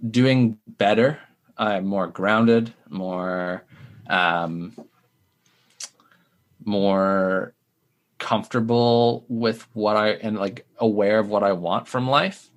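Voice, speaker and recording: A man's voice: fairly low pitch, steady tone, very slow, long pauses. A young adult man, a startup founder in recovery, giving candid, rambling interview answers full of filler words. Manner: rambling, heavy use of "like" fillers.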